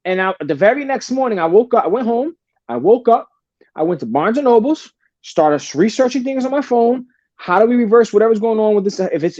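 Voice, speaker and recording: Blunt, profane male guest, swears freely, mellow tone, dry close sound. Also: high voice, no room sound, lo-fi sound. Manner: blunt and profane, calls the host brother. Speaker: podcast guest. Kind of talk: casual storytelling.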